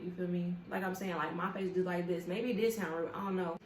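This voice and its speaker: Young woman vlogger, animated and profane, in an echoey room. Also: on the low side, fast talker, slight background noise. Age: young adult. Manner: animated, profane, talks straight to viewers. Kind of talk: casual storytime chat. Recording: echoey room with faint ambience.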